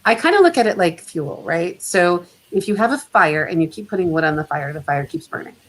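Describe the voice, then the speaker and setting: A middle-aged woman is a guest on a casual video call, and her voice sits a little low. She talks in a reflective, chatty way and laughs readily between thoughts. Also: animated, fairly quick, low-quality recording. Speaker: guest photographer. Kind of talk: casual chat.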